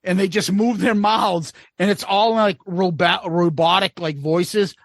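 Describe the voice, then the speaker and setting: High, gravelly, blunt-talking man. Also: fairly even intonation, a little slow, no echo, clean studio sound. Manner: profane, laughs often, blunt. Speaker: podcast co-host. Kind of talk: casual podcast chat.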